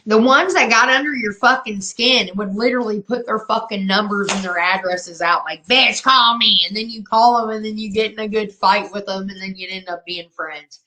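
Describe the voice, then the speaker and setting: A woman's voice: mid-range voice, pushed and bright, low-quality recording. Brash, taunting woman in her fifties hosting a live stream, profane and drinking. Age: 50s. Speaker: livestream host. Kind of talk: live stream chat with viewers.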